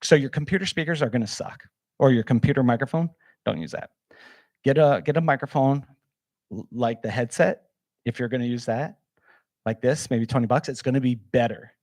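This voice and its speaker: A man leads a workshop in a loose, energetic way, holding up gear as he talks and leaning on fillers. His voice is warm and mellow and sounds close and dry. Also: medium pitch, fairly quick, no echo. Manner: casual, energetic, demonstrates gear, many fillers. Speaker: workshop presenter. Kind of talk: live workshop talk.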